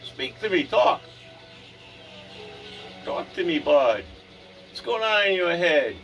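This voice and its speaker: A man's voice: high voice, sing-song, takes it slowly, gravelly, a bit bright, far from the mic, faint music behind. A man from Rhode Island vlogging at home in a rambling, casual chat, often talking to his dog.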